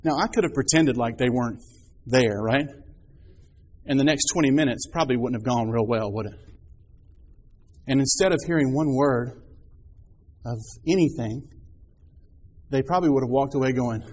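A man's voice: mid-range voice, normal speed, pauses often, darkish tone. A man in his thirties preaching a sermon, telling stories with rhetorical questions and rising emphasis.

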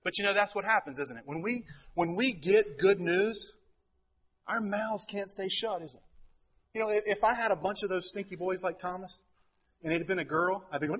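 Husky-voiced preacher man, lo-fi. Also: high-pitched, moderate pace. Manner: animated storytelling, acts out quotes. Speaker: pastor. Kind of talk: sermon with family story.

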